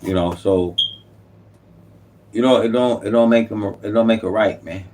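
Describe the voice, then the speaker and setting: A man's voice: lowish voice, moderate pace, noisy background. A man, delivering an unscripted, impassioned political monologue as a YouTube commentator, repeating himself and preaching.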